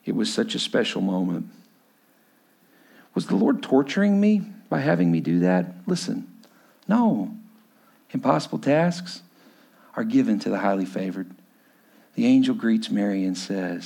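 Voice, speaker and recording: A man preaching a sermon as pastor of his church, emphatic, moving between hushed lines and raised ones. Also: fairly low pitch, very animated, unhurried, vocal fry, pauses often.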